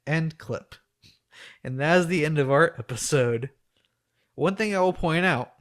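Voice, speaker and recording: A man's voice: fairly high pitch, a little slow, long pauses, a bit bright. A man hosting a podcast, recapping an episode in a loose, joking way. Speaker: podcast host.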